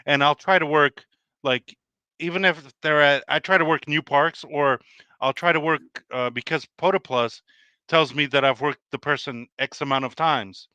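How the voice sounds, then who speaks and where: Male co-host, bright tense voice, dry close sound, hesitant storyteller. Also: on the high side, clear, resonant tone, no room sound, dull audio. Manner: hesitant, filler-heavy storytelling. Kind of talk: casual chat.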